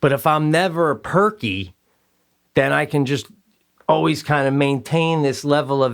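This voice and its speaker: A man's voice: measured pace, vocal fry, clear, resonant tone. A man co-hosting a podcast, telling casual comedic stories and acting out quotes with jumps in his voice. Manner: animated, acts out quotes in high voices. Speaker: podcast co-host.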